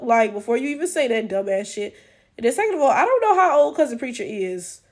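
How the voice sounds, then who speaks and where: A woman giving blunt, profane, incredulous reaction commentary full of rhetorical questions. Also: high voice. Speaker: reaction channel host.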